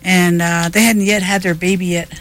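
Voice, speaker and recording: Chatty high-voiced man telling a story. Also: moderate pace, slight background noise, low-quality recording. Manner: chatty, animated, laughs often, many restarts. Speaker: guest musician. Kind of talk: casual radio interview storytelling. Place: radio studio.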